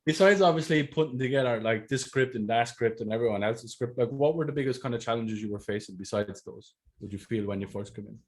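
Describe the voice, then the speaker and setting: A man's voice: medium pitch, fast talker, hardly any pauses, darkish tone. A man hosting a casual interview as a sales mentor, talking bluntly and swearing freely.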